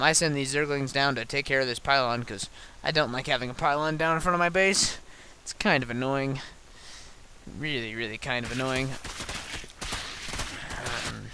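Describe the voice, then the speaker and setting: A man's voice: on the high side, sharp tone, a little hiss or hum. A tired man who has been up all night, casually talking through his own game replay with lots of ums and restarts. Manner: halting, many ums and restarts.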